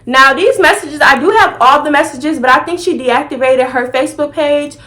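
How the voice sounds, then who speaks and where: A young woman vlogger telling a personal story in a sassy, animated, dramatic way. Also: sits high, normal speed. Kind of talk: storytime vlog.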